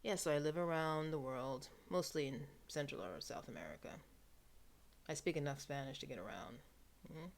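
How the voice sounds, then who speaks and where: Wry new york woman vlogging, low voice, chatty with soft little asides. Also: animated, moderate pace, gravelly. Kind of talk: casual monologue to camera.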